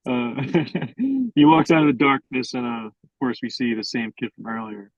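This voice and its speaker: A man's voice: mid-range voice, moderate pace, dry recording, lo-fi sound. A young adult man improvising a story as co-host, narrating in a hesitant, filler-heavy way. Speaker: podcast co-host.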